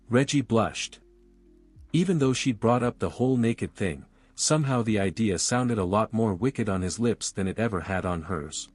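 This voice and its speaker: A man narrating a romance audiobook with smooth, even storytelling. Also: lowish voice, normal speed, dry recording, soft background music.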